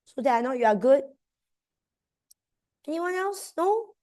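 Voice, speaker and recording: A woman's voice: high voice, lively intonation, unhurried, mellow. A young woman with a Malaysian accent tutoring students online, switching between English and Malay as she coaxes them through exam answers. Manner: mixes English with Malay terms, coaxing students. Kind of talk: online exam revision class.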